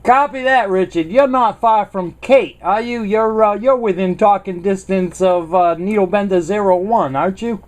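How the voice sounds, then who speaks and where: A man's voice: high-pitched, normal speed, few pauses. Upbeat American ham radio man. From South Carolina, US. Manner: friendly, upbeat. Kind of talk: radio contact chat.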